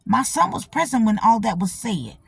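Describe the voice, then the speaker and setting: Woman, middle-aged, vlog host, husky, dry close sound, blunt, swears, repeats herself. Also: fairly high pitch, moderate pace, dry recording. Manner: animated, talks back to the audience, repeats herself; blunt and profane. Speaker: channel host. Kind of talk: casual storytelling to camera.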